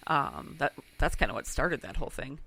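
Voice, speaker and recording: A man's voice: medium pitch, very animated, moderate pace, creaky, pushed and bright, husky. A man chatting on a casual, crude podcast, asking questions and adding details.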